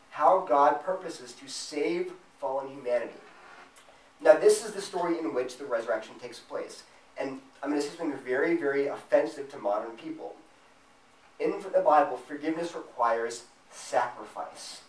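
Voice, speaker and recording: Man, fairly high voice, forceful apologetics lecturer, heard from a distance in an echoey room. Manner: emphatic, acts out imagined back-and-forth dialogue. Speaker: invited speaker at a student fellowship event. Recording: roomy sound, mic at a distance.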